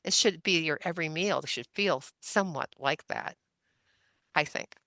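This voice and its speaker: A woman's voice: deep voice, normal speed, pushed and bright, dry recording. A woman in her seventies, a podcast guest telling stories in a chatty, anecdotal way and laughing often. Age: 70s. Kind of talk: casual storytelling interview.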